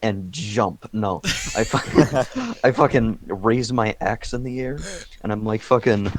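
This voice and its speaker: A man playing in a tabletop game, chatting casually and swearing excitedly. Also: on the low side, background noise. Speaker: player. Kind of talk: casual role-play chat.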